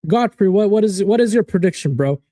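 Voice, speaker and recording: A man's voice: high voice, brisk, no echo. A man hosting a live football watchalong, chatting casually, swearing and reacting to viewers' predictions. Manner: animated, swearing, reads out chat predictions. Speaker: watchalong host.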